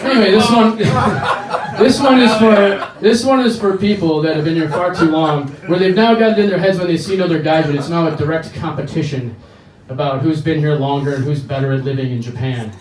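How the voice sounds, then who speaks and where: A man's voice: on the high side, a crowd in the background. American male comic, crude rambling stand-up, echoey bar sound. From United States. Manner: crude, rambling storytelling with quick voice switches. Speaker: stand-up comedian. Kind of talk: stand-up set. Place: bar comedy stage. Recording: echoey bar, mic heard from a distance.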